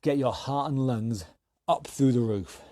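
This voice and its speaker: Energetic fitness coach, dry sound. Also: male voice, mid-range voice, unhurried, dry recording. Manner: energetic, encouraging, calls out moves. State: slightly out of breath. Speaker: fitness instructor. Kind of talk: online workout class coaching.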